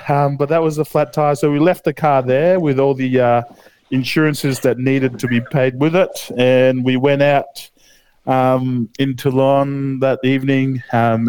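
A man's voice: medium pitch, darkish tone, clean tone, dry recording. A young Australian man casually telling a long story on a podcast, swearing a lot and using many fillers. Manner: laid-back storytelling, heavy swearing, lots of fillers. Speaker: podcast co-host. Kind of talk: casual chat.

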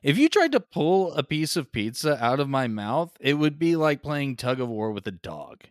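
A man's voice: mid-range voice, sing-song, moderate pace, dry recording, studio quality. A man co-hosting a comedy podcast, talking emphatically and swearing. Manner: emphatic, profane. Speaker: podcast co-host. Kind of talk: casual comedic movie recap.

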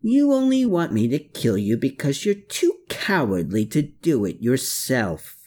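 A man's voice: medium pitch, wildly swooping pitch, a little slow, a little mellow, husky, exaggerated voice. A man reading aloud, voicing a bitter, contemptuous man who snarls his lines in a raised voice. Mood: sneering.

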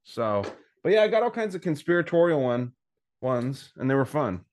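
A man on a podcast talking in a relaxed, joking way while he shows off beers. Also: medium pitch, normal speed. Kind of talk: casual chat.

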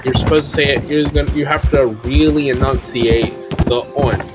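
A man's voice: mid-range voice, steady tone, normal speed, over loud music. A man hosting a podcast, casually talking through a video game he is playing, often restarting his sentences. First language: English. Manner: rambling, restarts sentences, chatty. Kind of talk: casual gameplay commentary.

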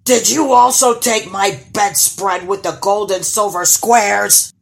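A woman voicing a huge, greedy male troll in a storybook, booming and menacing. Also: animated, unhurried, soft background music. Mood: bellowing. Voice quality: loud, booming shouts.

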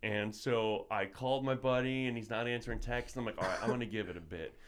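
A man's voice: mid-range voice, fast talker, clear, resonant tone. A man telling a long, profane story in casual podcast chat, acting out his own reactions. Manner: profane, animated storytelling with voiced asides.

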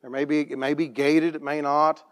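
A plain-spoken man tells a church testimony story as a farm operator, restarting his sentences and clearing his throat often. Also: fairly high pitch, level tone, moderate pace.

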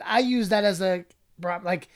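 A woman's voice: medium pitch, measured pace. A woman hosting a podcast in casual chat, joking and slangy. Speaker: podcast host.

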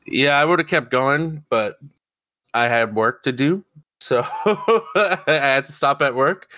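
Excitable, bright-voiced man chatting. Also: mid-range voice, takes it slowly, no echo. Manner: excitable, swears freely, rambling. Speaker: podcast co-host. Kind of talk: casual chat.

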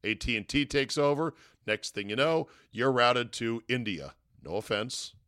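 A man's voice: mid-range voice, expressive, unhurried, a bit bright, no room sound, clean studio sound. A man hosting a sports talk podcast, giving a casual monologue with wry, sarcastic asides from a hotel room.

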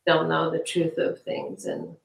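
Middle-aged female interview guest, halting and reflective, animated when quoting; low-ish voice, echoey room. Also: creaky. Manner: halting, many restarts and fillers. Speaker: interview guest, victim's aunt. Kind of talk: conversational interview.

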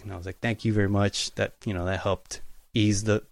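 A man speaking as a guest in a casual interview, telling work stories in a relaxed, easygoing way. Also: on the low side, a little fast, vocal fry. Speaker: guest, utility locator.

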